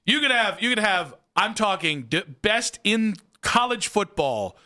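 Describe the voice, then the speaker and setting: A man's voice: sits high, big pitch swings, a little slow, pushed and bright. A man hosting a sports talk radio show, joking and sarcastic in casual banter.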